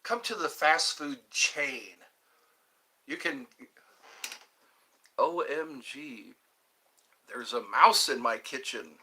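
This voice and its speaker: A man hosting a casual livestream from home, rambling cheerfully between topics and answering viewer comments. His voice is bright and slightly high, and his pitch leaps around. He speaks slowly. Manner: chatty, rambling, animated, with pitch leaps when greeting viewers. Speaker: livestream host.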